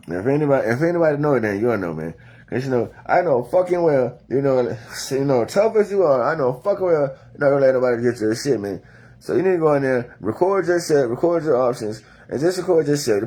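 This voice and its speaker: Man, deep voice, dark mellow tone, rambling slangy vlog talk, tipsy. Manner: loose and meandering, heavy slang and profanity. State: drinking. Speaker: vlogger. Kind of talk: rambling casual monologue.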